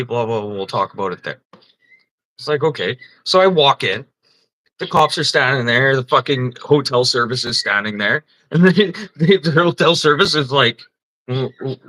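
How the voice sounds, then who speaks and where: At a moderate pace and medium pitch, a man hosting a livestream tells rambling, profane stories with lively intonation and a bright, forceful tone. He laughs often, and the recording sounds rough.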